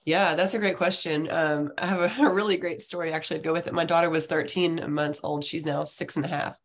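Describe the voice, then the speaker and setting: A woman's voice: low voice, steady tone, quick pace. A woman, sick with the flu, chatting as a hormone coach and telling stories with frequent laughs. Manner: chatty storyteller, laughs often. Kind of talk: casual class chat.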